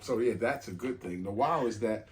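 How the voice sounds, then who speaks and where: Deep-voiced laid-back male co-host. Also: moderate pace. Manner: laid-back, candid, joking, many "um"s. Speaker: podcast co-host. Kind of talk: casual chat.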